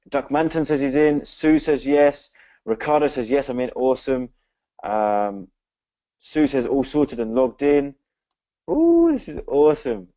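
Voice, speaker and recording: A man's voice: mid-range voice, dark tone, no room sound. An English man co-hosting a live webinar, upbeat and reading out names from the chat. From England. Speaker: webinar co-host.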